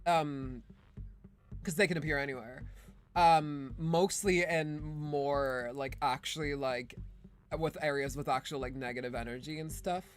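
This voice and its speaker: A woman's voice: low-pitched, steady tone, a little slow. A woman streaming a video game, giving casual, sarcastic commentary that rambles with lots of "like" and "um". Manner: sarcastic, rambling, full of fillers like "like" and "um".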